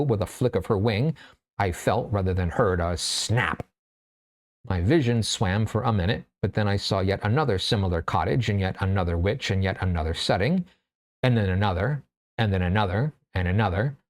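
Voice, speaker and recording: Animated male storyteller. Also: on the low side. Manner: expressive, animated storytelling; relaxed, chatty teaching with fillers. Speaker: writer and class host. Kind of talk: reading a story aloud, then teaching a class.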